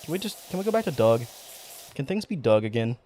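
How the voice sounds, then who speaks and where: A man's voice: mid-range voice, very animated, quick pace, mellow, a little hiss or hum. A young man live-streaming a game, rambling and swearing casually as he banters with his chat in mock outrage. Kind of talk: casual live-stream commentary while gaming.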